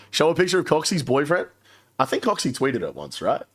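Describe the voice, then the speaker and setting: Animated, swearing young male streamer. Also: a little high, slight background noise. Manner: profane, laughing storyteller. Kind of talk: casual stream chat.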